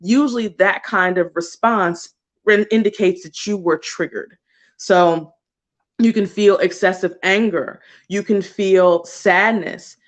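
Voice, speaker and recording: A woman's voice: medium pitch, slow pace. A woman card reader chats through a livestream reading in a loose, conversational way. She laughs easily and mixes slang and casual swearing into her guidance.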